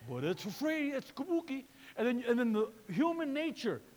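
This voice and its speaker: Man preaching, very high voice, lively swooping pitch, long hall reverb. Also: normal speed. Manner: animated preaching, repeats words, acts out voices. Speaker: pastor. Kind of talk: sermon.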